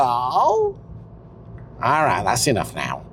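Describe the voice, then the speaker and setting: Deadpan man with a lively pitch. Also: unhurried, a little hiss or hum. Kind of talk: comedic character chat.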